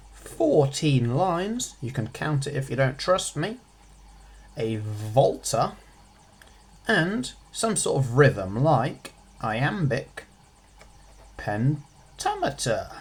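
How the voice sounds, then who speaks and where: A man with a husky, slightly breathy voice talks through a poem for exam revision. He keeps it light, dropping quick sarcastic jokes between his points, and his pitch sits in a middling range. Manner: jokey, with quick sarcastic asides. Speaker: revision tutor. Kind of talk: casual revision lesson.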